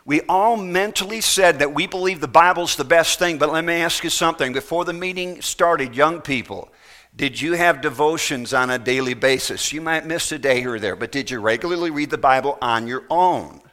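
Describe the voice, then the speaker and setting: A man's voice: on the high side, moderate pace, pushed and bright. A middle-aged man preaching a sermon, pressing his point with repeated rhetorical questions. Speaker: pastor.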